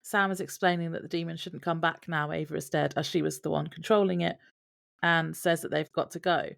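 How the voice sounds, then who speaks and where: Low gravelly woman podcast co-host. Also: fairly even intonation, fairly quick. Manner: reads from her notes, wry asides. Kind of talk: casual podcast chat.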